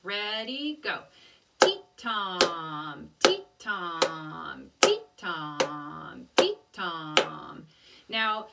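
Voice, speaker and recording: A woman's voice: medium pitch, recorded from a distance, noisy background. A woman teaching a children's music lesson, patiently explaining rhythms step by step and chanting rhythm syllables.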